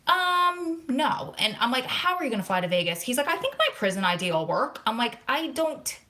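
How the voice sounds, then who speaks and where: A woman in her thirties from New Jersey hosts a casual live Q&A vlog, telling animated, chatty stories full of quoted back-and-forth while sounding close to tears. Her voice is mid-range and her pace quick.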